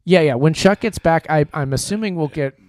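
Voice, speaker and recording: A man's voice: on the high side, brisk. Rambling man co-hosting a live podcast. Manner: rambling, self-correcting, upbeat plugs. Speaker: podcast co-host. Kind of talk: casual live-stream podcast chat.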